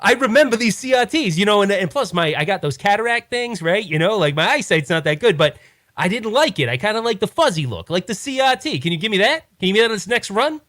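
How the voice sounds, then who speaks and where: A man's voice: sits high, lively intonation, fast talker, fairly bright tone, no room sound, studio quality, voice pushed up. A man voicing a grumpy older customer with poor eyesight who is touchy about big words. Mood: grumbling.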